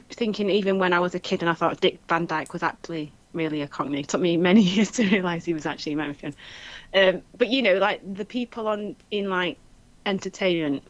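A woman with a Manchester accent, co-hosting a casual chat and telling animated stories, acting out what people said. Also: fairly low pitch, dull audio. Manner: animated storytelling, acts out quoted voices, laughs often. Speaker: podcast co-host.

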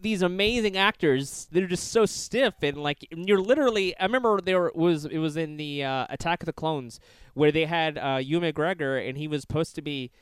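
A man chatting casually, explaining his views in a measured way with some hesitations. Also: fairly high pitch, clean tone, no room sound. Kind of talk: casual chat.

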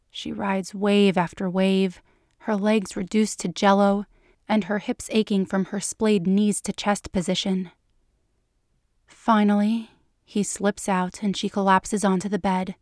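A woman reading fan fiction aloud for a podcast, slow and unhurried, sometimes dropping to a whisper. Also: mid-range voice, a little mellow, no echo, studio quality. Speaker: podcast reader.

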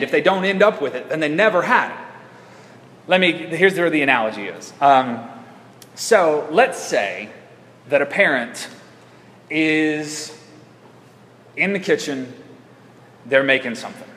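Conversational preacher in an echoey hall. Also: male voice, on the high side, expressive, fairly bright tone. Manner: conversational, halting with restarts. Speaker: pastor. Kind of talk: sermon. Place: church sanctuary.

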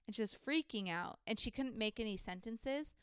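A woman's voice: a little high, lively intonation, moderate pace, a bit bright, clear, resonant tone, no echo, clean studio sound. A young woman co-hosting a podcast, telling a story in a chatty way, full of "like", acting out the people she quotes. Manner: chatty, heavy use of "like", acts out quoted people. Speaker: podcast co-host. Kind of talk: casual storytelling chat.

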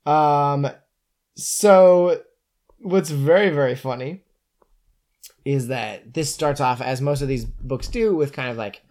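A podcast host chatting casually as he recaps a book, animated and joking with quick asides. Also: fairly high pitch.

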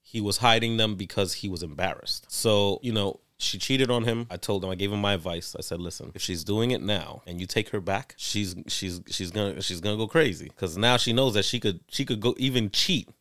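A middle-aged man tells a long story in casual conversation. His voice sits low, and he acts out each person he quotes while swearing freely. The recording is dry and close. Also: brisk, hardly any pauses, fairly bright tone, dry recording.

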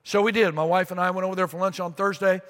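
Animated storytelling pastor in a reverberant church. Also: male voice, sits high, fast. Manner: storytelling, animated, repeats phrases. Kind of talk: sermon. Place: church sanctuary. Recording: long reverb of a large sanctuary.

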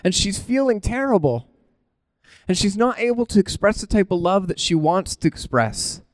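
An animated male preacher who talks informally and often interrupts his own thoughts. His voice sits a little higher than most men's. The sound is close and dry. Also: moderate pace, dry recording. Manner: animated, informal, self-interrupting, laughs at himself. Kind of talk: conversational sermon.

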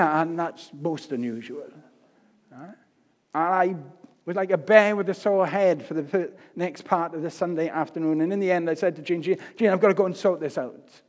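A man's voice: sits high, normal speed. Older man preaching in a reverberant church. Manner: storytelling with humor, shifts loud and soft. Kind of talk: sermon. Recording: long reverb of a church hall.

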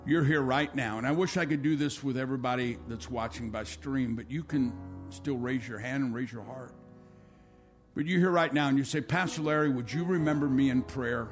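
A male pastor preaching a sermon, swinging between loud, rising calls and quiet, low appeals, acting out quotes and leading an altar call. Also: normal speed, soft background music.

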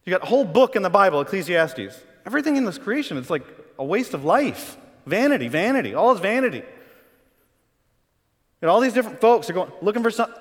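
A man preaching a sermon as pastor, conversational and animated, acting out quoted voices. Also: sits high, big-room sound.

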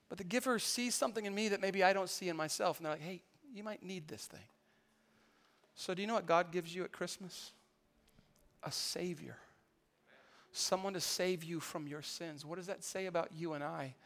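A man preaching a sermon in a conversational way, with stammered restarts, building to loud emphatic climaxes. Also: high voice, brisk, in a large hall. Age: adult. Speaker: pastor.

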